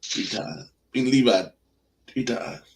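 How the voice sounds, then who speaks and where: A man who works as a teacher, telling a story with lively energy and acting out the back-and-forth in casual chat. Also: medium pitch, slow pace. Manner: animated storyteller, acts out dialogue. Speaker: teacher, guest.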